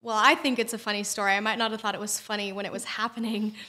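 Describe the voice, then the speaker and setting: Young woman guest telling a story on a podcast, earnest, lots of "you know", bright tone. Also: mid-range voice, fast talker. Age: young adult. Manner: earnest, animated storyteller with frequent fillers.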